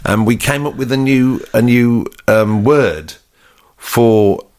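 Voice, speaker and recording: A man co-hosting a casual podcast chat, animated and chatty, laughing often. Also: mid-range voice, slow. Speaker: podcast co-host, artist.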